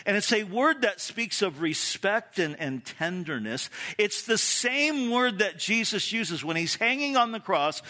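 A man's voice: high voice, bright, forceful tone. A middle-aged man preaching a sermon, telling stories in a conversational way, often restarting his phrases. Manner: storytelling, with frequent restarts and "you know". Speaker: pastor.

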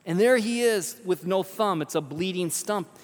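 A man preaching a sermon, telling stories with emphatic, animated delivery and rhetorical questions. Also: sits high, normal speed. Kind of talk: sermon storytelling. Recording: long reverb of a large hall.

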